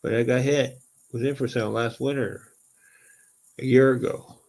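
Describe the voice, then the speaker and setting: A man telling an excited, rambling story in casual speech, full of swearing, with "right?" and "okay?" tacked onto nearly every line. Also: mid-range voice, moderate pace, poor audio. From Southern Ontario, Canada.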